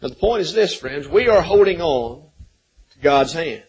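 High-voiced man preaching a folksy sermon. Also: expressive, moderate pace, husky, low-quality recording. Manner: folksy storytelling, repeats words when restarting. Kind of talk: sermon with storytelling.

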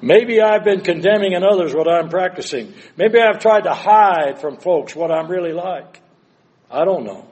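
A man's voice: high-pitched, expressive, normal speed. Older man preaching a dramatic sermon. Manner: dramatic, swings from hushed to loud.

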